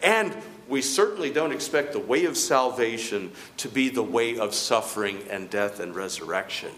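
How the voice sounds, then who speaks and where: A man's voice: mid-range voice, expressive, normal speed, a bit bright, a little hiss or hum. A man preaching a sermon in an emphatic, rhetorical way, repeating words for stress.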